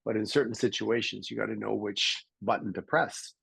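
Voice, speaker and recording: A middle-aged man from Canada, a podcast guest telling stories in a lively conversational way and acting out the voices of people he quotes. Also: fairly low pitch, moderate pace, gravelly, breathy edge, dry recording, low-quality recording. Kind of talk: conversational storytelling.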